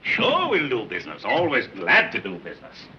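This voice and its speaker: A man's voice: mid-range voice, wildly swooping pitch, moderate pace. A man playing a sarcastic police commissioner who mocks a gangster, on a dull 1930s film soundtrack with hiss. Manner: dry, mocking.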